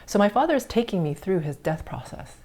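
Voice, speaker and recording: A middle-aged woman hosting a spiritual podcast, earnestly recounting a personal experience and dropping to soft whispers at tender moments. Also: mid-range voice, big pitch swings, brisk. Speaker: podcast host.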